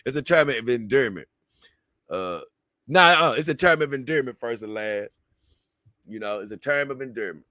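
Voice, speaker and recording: A man's voice: mid-range voice, animated, moderate pace, pushed and bright, no echo, studio quality. A man hosting a livestream and signing off in a loose, rambling way, calling viewers "man" and "baby.". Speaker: livestream host. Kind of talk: casual livestream sign-off.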